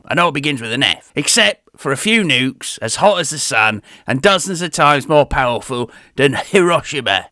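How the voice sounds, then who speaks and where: A man's voice: on the high side, gravelly, bright, forceful tone, no echo, studio quality, full character voice. A man playing a grumpy, foul-mouthed older postman who rants about the news in a mock-serious newsreader manner. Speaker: comic news presenter in character. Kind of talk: comedy rant monologue.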